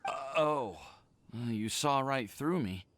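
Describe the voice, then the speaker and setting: A man's voice: medium pitch, animated, takes it slowly, fairly bright tone, slight background noise. An actor voicing a nervous, lovestruck young man in a game, who stammers when flustered. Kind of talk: game voice acting.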